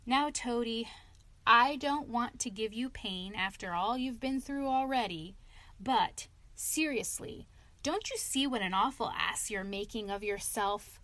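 Storybook: woman reading a sensible, lecturing rat friend, slow and dry. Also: on the high side, animated, a bit bright, dry recording. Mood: scolding. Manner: earnest, lecturing. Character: sensible scolding male water rat.

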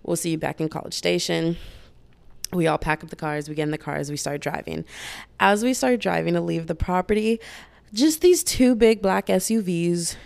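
A young woman telling a personal story in a casual storytime vlog, animated and chatty, full of fillers, acting out what others said. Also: on the low side, vocal fry. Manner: animated, fast-talking, many fillers, voices quoted lines loudly.

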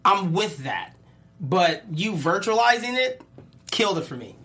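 A woman in her thirties co-hosting a casual group chat about a TV show, an animated storyteller with a slangy, playful way of talking. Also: lowish voice, a little slow. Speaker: podcast co-host.

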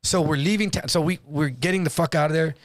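A man telling a story in a loose, profane, casual way, jumping into higher voices when quoting people. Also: fast, no room sound, studio quality. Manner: animated, acts out quotes in higher voice. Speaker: guest storyteller.

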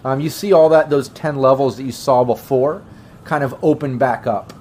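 Casual male game master, mid-pitched, relaxed and chatty, faint background hiss. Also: moderate pace. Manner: casual, many fillers, breaks into gruff shouting voices for NPCs. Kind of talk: narrating a tabletop game.

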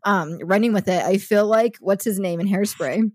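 A woman's voice: medium pitch, moderate pace, darkish tone, dry recording, studio quality. A young woman co-hosting a podcast, chatting playfully and laughing often, speaking into a handheld mic. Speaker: podcast co-host. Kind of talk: casual chat.

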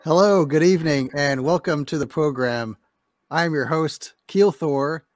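A man's voice: on the high side, measured pace, no room sound, clean studio sound, soft background music. A man hosting a casual podcast, opening with mock-formal welcomes and joking with guests. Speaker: host.

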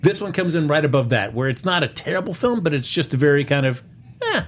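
A man's voice: fairly high pitch, lively intonation, fast talker, a little hiss or hum. A man hosting a casual live-streamed film and box office chat, rambling with lots of fillers. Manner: rambling, many fillers and restarts. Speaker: podcast host.

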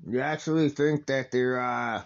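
A man's voice: mid-range voice, fairly even intonation, unhurried, lo-fi sound. A man hosting a casual wrestling watch-along, talking in a rambling, enthusiastic way with lots of fillers and restarts.

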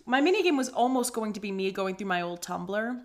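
A woman's voice: medium pitch, expressive, a little fast. A young woman co-hosting a podcast in casual chat, irreverent and swearing freely. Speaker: podcast co-host.

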